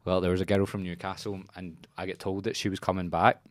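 A young man with a Northern Irish accent tells sweary stories in a laid-back podcast chat. His voice sits very low. The sound is dry and close. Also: level tone, quick pace, no echo. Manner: swearing, storytelling, laughing. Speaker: podcast host and coach.

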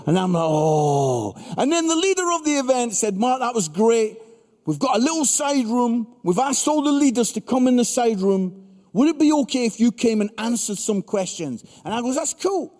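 A middle-aged man preaches to a crowd in a big hall, mixing jokes and stories into his sermon. His voice sits high and swings widely in pitch, and the room's long reverb trails after each line. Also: normal speed. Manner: animated, punchy, acts out voices in stories. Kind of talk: humorous sermon storytelling. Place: large hall with live audience.

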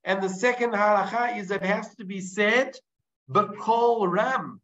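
A man leads a Talmud lesson in a fairly high voice. He works through the argument step by step, dropping Hebrew terms into his English and restarting sentences as he goes. The recording sounds dull and lo-fi. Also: slow pace, a bit bright. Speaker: Torah teacher. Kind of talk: Talmud class lecture.

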